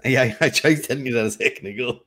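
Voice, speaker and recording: A man's voice: mid-range voice, quick pace, a bit bright, soft background music. A man co-hosting an online quiz, teasing players and laughing often in playful banter. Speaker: quiz co-host.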